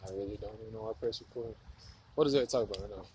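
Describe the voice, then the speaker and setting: A man's voice: fairly low pitch, racing, background noise. A man rambling in a stream-of-consciousness monologue, musing and swearing, with lots of filler words. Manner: profane, musing, heavy on filler "like". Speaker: vlogger. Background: running water.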